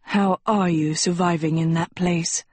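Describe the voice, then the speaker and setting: A cocky teenage prince in a storybook, read by a woman barely shifting her voice, smug and teasing. The tone is low, slow and husky, recorded dry and close. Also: steady tone, a little mellow, dry recording.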